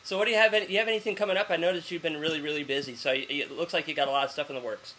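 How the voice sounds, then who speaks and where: A man hosting an interview in a slightly high voice, joking around and laughing often. Faint hiss runs under the recording. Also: fairly even intonation, rapid-fire, sharp tone. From German heritage. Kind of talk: casual interview chat.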